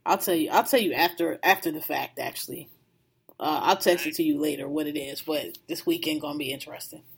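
A woman co-hosting a podcast in casual chat, telling animated, profane stories, laughing often and mocking others with imitations. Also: sits low, fairly quick, vocal fry, breathy edge. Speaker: podcast co-host.

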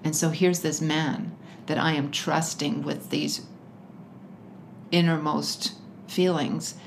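Lowish-voiced woman on an interview, telling her story, emphatic and animated, laughs a lot, faint room hum. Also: takes it slowly, creaky. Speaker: interview guest. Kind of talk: personal story told in conversation.

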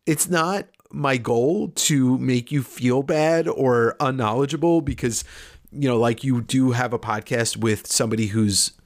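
A man's voice: medium pitch, unhurried. A middle-aged man co-hosting a podcast in casual chat, confident and laughing often, swearing freely. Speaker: podcast co-host.

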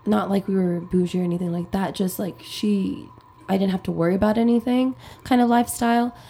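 A woman's voice: medium pitch, fairly even intonation, fairly quick, vocal fry, warm tone. A young woman from Texas who has lost her voice, co-hosting a casual podcast chat and laughing easily. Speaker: podcast co-host.

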